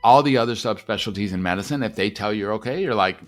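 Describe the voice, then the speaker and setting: A man's voice: on the low side, fast, faint music behind. A man who is a psychiatrist, speaking as a guest in a podcast interview, emphatic and rhetorical, repeating phrases for effect.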